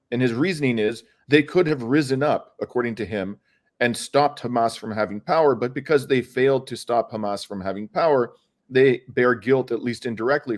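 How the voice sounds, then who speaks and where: A middle-aged man speaks as a lawyer in an interview, his mid-range voice earnest and urgent. He argues point by point, stumbling into restarts and filler sounds when he presses hardest. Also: mid-range voice. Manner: earnest, frequent hesitations and restarts. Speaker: lawyer and activist guest. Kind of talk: impassioned interview answer.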